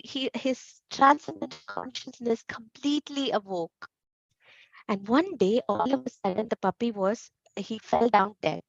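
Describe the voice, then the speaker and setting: A woman teaching a children's class, telling a story and asking the kids questions in an animated way. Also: on the high side, gravelly, no room sound, lo-fi sound.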